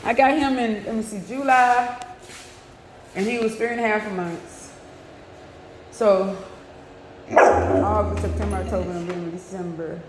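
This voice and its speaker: A woman's voice: medium pitch, steady tone, measured pace, pauses often. A woman chatting on a livestream from her yard, cooing and fussing at her dog in a chatty way. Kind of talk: casual live chat. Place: outdoors in a yard. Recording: echoey with long reverb, faint noise.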